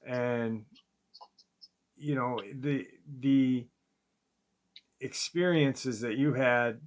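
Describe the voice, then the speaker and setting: A man hosting a casual interview at a middle pitch. He speaks softly and haltingly, pausing on fillers as he works toward his point. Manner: halting, soft-spoken, many fillers. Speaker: podcast host, interviewer.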